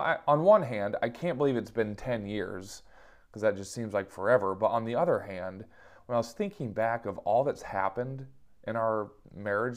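A man in his thirties telling funny personal stories in a casual monologue, self-mocking and chuckling often. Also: fairly low pitch.

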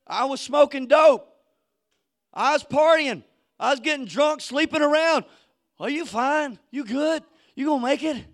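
High-voiced fiery preacher man. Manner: fiery, builds to shouting; casual street slang, acts out quoted people. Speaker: pastor. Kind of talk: sermon.

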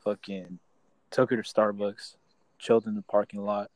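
A man's voice: lowish voice, little pitch movement, normal speed, heavy background noise. A young man telling a rambling, profane story to his friends in casual chat. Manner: rambling, profane, restarts often.

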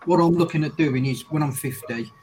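Scouse guy rambling and swearing on a podcast, kinda high voice, faint hiss behind. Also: brisk, a little mellow, poor audio. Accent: English, Scouse. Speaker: podcast host. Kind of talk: casual group chat.

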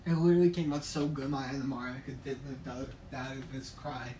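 A vlogger in a rambling, profane rant who acts out quoted exchanges and swings between loud outbursts and low mutters. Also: a little fast. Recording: distant from the mic, faint background noise.

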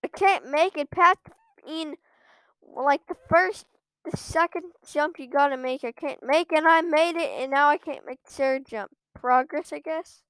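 A woman's voice: high-pitched, unhurried, fairly bright tone, no echo. A woman giving live commentary on her own gameplay at a computer, ranting in frequent exasperated outbursts. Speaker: gamer streaming her own play.

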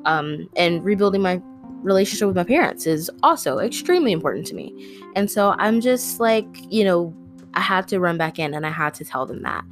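A woman's voice: fairly low pitch, lively intonation, brisk. A young woman vlogging, telling a personal story in a rambling, earnest way with lots of fillers. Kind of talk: casual storytelling to camera. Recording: faint guitar music behind.

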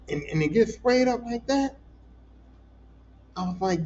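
A man with a high voice hosts a casual solo podcast, telling stories in an animated, profane and emotional way. The recording sounds dull and lo-fi, with a faint hiss behind him. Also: brisk. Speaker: podcast host.

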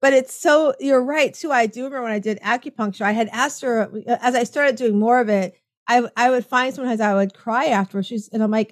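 A woman's voice: medium pitch, steady tone, brisk, no echo, clean studio sound. A middle-aged woman hosting a casual chat, rambling and acting out remembered conversations. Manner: chatty, rambling, acts out quoted exchanges. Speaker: host.

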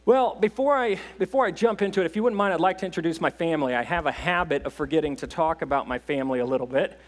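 A man's voice: on the high side, quick pace. A man, a visiting missionary preaching in a church with folksy, self-deprecating humor. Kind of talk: sermon, casual storytelling. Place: church sanctuary.

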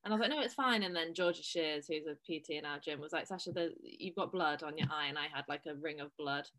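A woman co-hosting a casual fitness chat, frank and quick to swear. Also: low voice, steady tone, fairly bright tone.

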